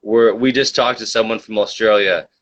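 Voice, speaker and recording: A man's voice: lowish voice, fairly even intonation, moderate pace, a bit bright. A man hosting a comedy livestream talk show in casual chat, reading out viewer comments and joking in a rambling, mock-conspiratorial way. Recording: dull lo-fi mic.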